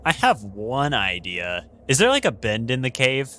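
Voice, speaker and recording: A man's voice: medium pitch, wildly swooping pitch, normal speed, sharp tone, slight background noise. A man playing in a tabletop game, chatting in a laid-back, joking way. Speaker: player. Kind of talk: casual chat at a game table.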